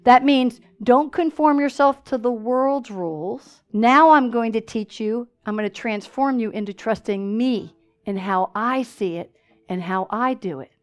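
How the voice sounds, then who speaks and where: A woman preaching a sermon in a church, telling stories with lively call-and-response asides. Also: fairly high pitch, measured pace.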